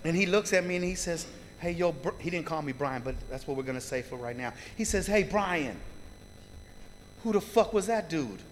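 A man's voice: fairly high pitch, lively intonation, normal speed, big-room sound, a little hiss or hum. A man telling a heartfelt personal recovery story to a live group, swearing freely and often turning to the crowd with "you guys". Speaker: recovery meeting speaker.

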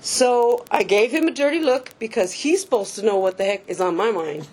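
A woman's voice: a little high, lively intonation, normal speed, darkish tone, a little hiss or hum. A woman giving a personal recovery testimony in a candid, casual, self-mocking way, laughing often and swearing freely. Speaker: speaker sharing a recovery story.

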